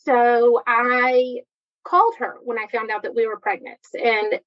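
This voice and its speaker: A woman shares a personal story in a candid, chatty way, full of quick asides. Her voice sits a little high. The recording is dull and lo-fi. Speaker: guest sharing personal story.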